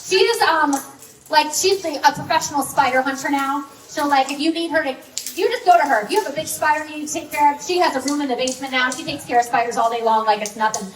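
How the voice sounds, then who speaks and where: A woman's voice: high-pitched, fast, a little hiss or hum. A woman in her thirties giving a chatty, story-driven sermon with lots of fillers. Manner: conversational, storytelling, many fillers. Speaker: speaker. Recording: echoey hall, mic from a distance.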